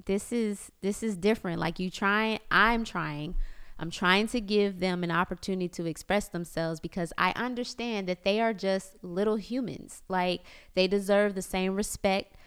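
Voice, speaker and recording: Woman, 30s, casual vlog chat, very clear resonant voice, mid pitch, animated and talky. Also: moderate pace. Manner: chatty and animated, mimics family members, lots of "like". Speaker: parenting vlogger.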